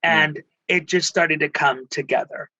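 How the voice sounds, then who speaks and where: A man's voice: fairly high pitch, measured pace, sharp tone, no echo, dull audio. A middle-aged man from Texas, a spiritual healer and life coach, telling personal stories expressively and slipping into Spanish endearments. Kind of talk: emotional storytelling in conversation.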